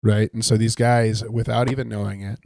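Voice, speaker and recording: Low gravelly man teaching casually. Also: level tone, moderate pace, darkish tone, no echo. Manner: conversational, thinks aloud with restarts. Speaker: Bible study host. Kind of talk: casual Bible teaching while playing a video game.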